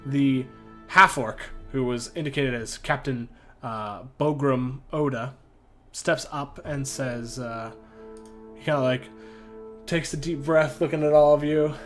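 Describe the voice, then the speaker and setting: A man's voice: mid-range voice, steady tone, measured pace, fairly bright tone. A man narrating as dungeon master for a tabletop game, casual and full of fillers. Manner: casual, many fillers, self-interrupting. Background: background music.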